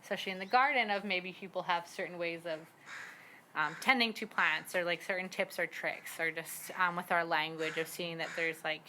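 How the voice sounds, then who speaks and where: A young woman from the Squamish Nation talks casually as a guest, a parent learning her language. Her voice sits a bit low yet sounds bright and forceful, full of fillers and laughter. She speaks outdoors in a garden, with a faint hum of ambience behind her. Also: moderate pace, rough recording. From Squamish Nation, British Columbia, Canada. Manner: chatty, many fillers, laughs and acts out quotes. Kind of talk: casual conversation.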